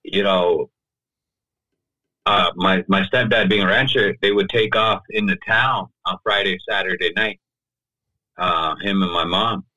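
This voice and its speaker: Man, low voice, bright forceful tone, podcast guest, conversational storytelling, loose filler-heavy talk, dry close mic. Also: fairly even intonation, unhurried, no echo, low-quality recording. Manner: loose and talky, fills with "you know" and "right?". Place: podcast studio.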